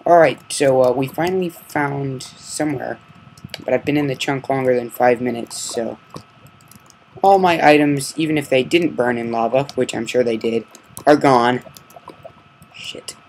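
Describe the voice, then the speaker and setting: A man giving casual commentary on his own gameplay, muttering curses under his breath and breaking into loud outbursts. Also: medium pitch, measured pace, slight background noise, poor audio. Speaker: gamer narrating his gameplay. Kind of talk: casual Let's Play commentary.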